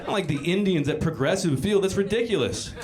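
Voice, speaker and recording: Man, stand-up comic, animated pitch, crude and rambling, swearing, restarts, comedy club stage, live recording with crowd laughter. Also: brisk. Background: audience laughter.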